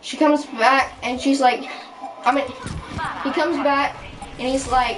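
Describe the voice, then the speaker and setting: A woman rambles through a casual storytime rant, indignant and constantly restarting or using fillers. She speaks high-pitched at a measured pace, with fairly even intonation and frequent pauses. As a vlogger recorded at a distance, she's accompanied by clear background music.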